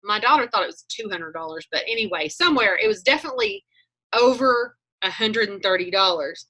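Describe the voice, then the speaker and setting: A woman's voice: mid-range voice, very animated, brisk, bright, forceful tone. A woman, talking on a video call, telling chatty stories and acting out her own thoughts as she coaches a group.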